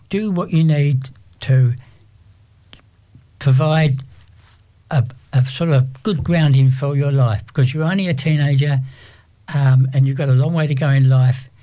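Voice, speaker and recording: Older English man, mellow and halting. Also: mid-range voice. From England. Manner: rambling, halting with many restarts. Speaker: interview guest. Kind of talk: casual interview.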